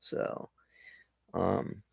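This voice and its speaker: A man's voice: very slow, dry recording. A middle-aged man chatting casually with viewers on a live stream, greeting them by name and repeating his phrases.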